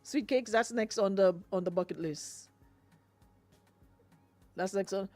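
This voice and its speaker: A woman's voice: mid-range voice, unhurried, dark tone, dry recording, soft background music. A Grenadian woman hosting a radio show, chatting casually with lots of fillers and laughs. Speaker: radio host.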